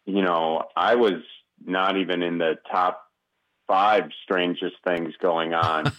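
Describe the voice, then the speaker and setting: A man's voice: sits low, steady tone, slow pace, a bit bright, dull audio. A man with a Wisconsin accent, a comedian guest talking easily in a casual interview, with lots of fillers. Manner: easygoing, rambling, many fillers.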